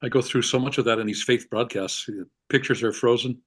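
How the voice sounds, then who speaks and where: A man's voice: medium pitch, fairly even intonation, fairly quick. A man in a mid-range voice joins an online class as a student. He thinks aloud and restarts his sentences as he checks a rule or asks for help, heard over a video call. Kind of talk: classroom questions.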